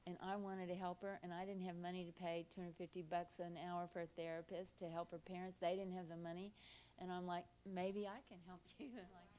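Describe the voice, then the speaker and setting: A woman's voice: fairly low pitch, little pitch movement, a little fast, a little mellow. A woman film director speaking as the guest in an onstage conversation. She tells anecdotes with energy, acts out quotes, swears casually and laughs often. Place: cinema stage at a live event.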